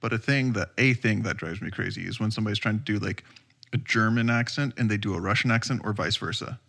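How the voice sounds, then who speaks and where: Man, quick talker, bright tense tone, dry casual podcast chat. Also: lowish voice, creaky. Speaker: podcast co-host.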